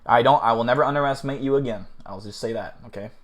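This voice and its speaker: A man's voice: medium pitch, quick pace. A male streamer talks loosely to his live audience, cursing often and laughing at himself. He sounds flustered and overheated, rambling from one thought to the next. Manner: rambling, profane, self-deprecating. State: flustered after eating something awful. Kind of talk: casual live-stream chat.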